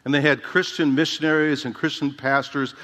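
Emphatic pastor preaching in an echoing hall. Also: male voice, on the high side, flat delivery, a little fast, a bit bright. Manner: emphatic, conversational, rhetorical questions. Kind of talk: sermon. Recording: reverberant hall.

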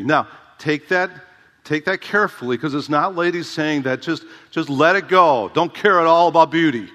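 A pastor with a fairly high, bright, forceful voice preaches a sermon at a moderate pace, animated and emphatic yet conversational. He often poses rhetorical questions to the congregation, and the sound carries the reverb of a large hall.

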